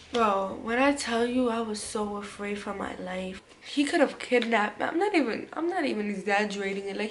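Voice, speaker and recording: A young woman recounts a story for her vlog in loose, slangy speech, stumbling over fillers and restarts and now and then sinking to a whisper. Her voice sits a little high, with a faint hum of room noise behind it. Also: rough recording. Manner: casual, slangy, halting with many fillers and restarts. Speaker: vlogger.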